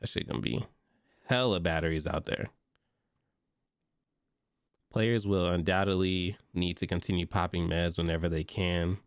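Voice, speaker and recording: A man's voice: sits low, no echo, clean studio sound. A stuffy-sounding man streaming, reading notes aloud and breaking off into casual, slangy reactions. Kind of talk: casual livestream commentary.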